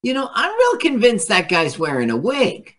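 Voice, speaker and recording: A man's voice: high voice, huge pitch swings, normal speed, a bit bright. A man casually joking with a co-host over an old film, asking questions and putting on silly voices. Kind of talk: casual banter over a movie.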